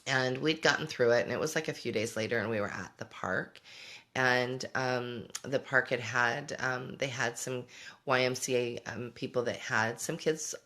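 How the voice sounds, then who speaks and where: A woman's voice: rumbling low, normal speed, a bit bright. A middle-aged woman hosting a casual livestream, talking reflectively and answering viewer comments as she goes. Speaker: homeschooling parent and show host.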